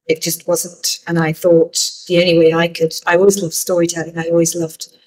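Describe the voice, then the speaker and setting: A woman's voice: lowish voice, flat delivery, normal speed, a little mellow, poor audio. A middle-aged woman film director answering interview questions thoughtfully, with frequent restarts. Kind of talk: festival interview.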